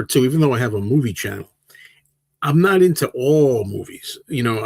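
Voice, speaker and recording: Older guy in his 60s, gravelly voice, laid-back livestream chat, dry close sound. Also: fairly low pitch, dry recording. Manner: rambling, relaxed, answers chat questions one by one. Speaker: livestream host. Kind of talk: casual livestream chat reading viewer comments.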